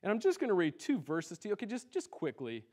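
Male pastor, very high voice, fervent sermon delivery with big swings from cries to near-whispers. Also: huge pitch swings, fast. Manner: impassioned preaching, rising to loud cries then dropping low. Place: church sanctuary.

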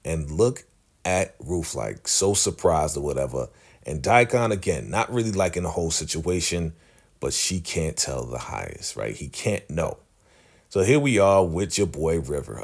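A man giving a chatty, animated recap of a TV episode. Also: extremely low pitch, moderate pace, gravelly, slightly rough. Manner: chatty, animated, laughs often. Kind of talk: casual TV recap.

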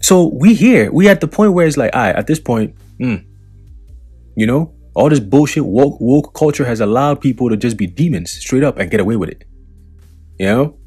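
A man's voice: mid-range voice, lively intonation, moderate pace, a little mellow, slightly rough, soft background music. A man reading news quotes aloud and commenting on them in a profane, preaching tone, with sardonic asides. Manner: reads quotes then comments, mocking and sardonic laughs. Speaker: religious commentator.

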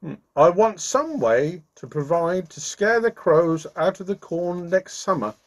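A man's voice: sits high, expressive, measured pace, pitched above the performer's own voice, heavily acted, rough recording. A man voicing a timid, anxious male scarecrow who pleads and stammers through sobs. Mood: earnest.

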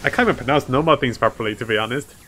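A man's voice: mid-range voice, rapid-fire, bright, forceful tone, a little hiss or hum. A man commentating his own strategy game live, chatting to viewers and laughing often. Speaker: streamer playing a strategy game.

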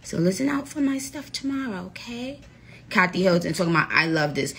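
A woman's voice: fairly high pitch, animated, fairly quick, creaky, slightly rough. A woman hosting a casual livestream, talking playfully with viewers and calling them by name. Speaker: livestream host.

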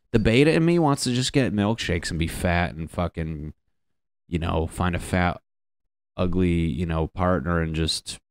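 A man's voice: sits low, smooth, no echo, studio quality. A man from Connecticut hosting a solo comedy podcast, riffing in a profane, self-mocking way. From Connecticut, USA. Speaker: podcast host.

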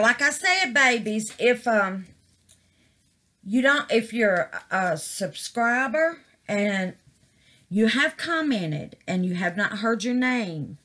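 A woman's voice: medium pitch, fairly bright tone. A middle-aged woman chatting casually to her viewers about her craft, calling them babies and honey. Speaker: craft vlogger.

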